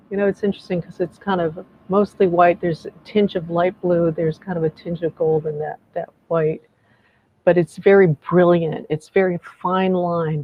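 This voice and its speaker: A woman leading a group energy clearing over a video call, speaking softly and encouragingly, meandering with frequent restarts. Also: on the low side, narrow, tinny audio, a little hiss or hum.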